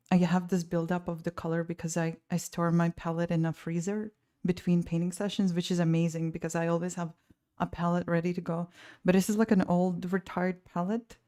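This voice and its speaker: A woman with a fairly low voice talks loosely to her live-stream viewers from home. She rambles and restarts her sentences, and her exasperation keeps spilling over as she vents. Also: warm tone. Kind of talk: casual live-stream chat.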